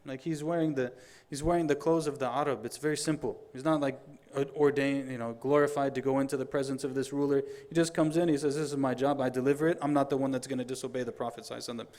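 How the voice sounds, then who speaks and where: A fast-paced male preacher in middle age delivering a Friday sermon. He tells the story with lively energy and slips into the voices of the people in it, quick on his quotations, at an everyday mid pitch. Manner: animated storyteller, acts out dialogue, recites Arabic quotations quickly.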